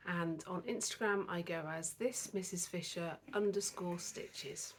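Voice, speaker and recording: A woman's voice: on the low side, breathy edge. A woman with a cold, a bit out of breath, chatting casually about her cross stitch at home, rambling with lots of fillers. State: out of breath, getting over a cold. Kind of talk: casual chat. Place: indoors at home, seated on a dining chair.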